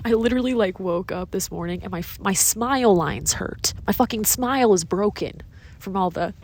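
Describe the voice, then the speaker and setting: A woman's voice: medium pitch, moderate pace, faint music behind. A young woman venting in a casual vlog, chatty and sarcastic with frequent swearing, filmed outdoors in cold woods on a handheld phone. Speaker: vlogger. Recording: faint outdoor ambience.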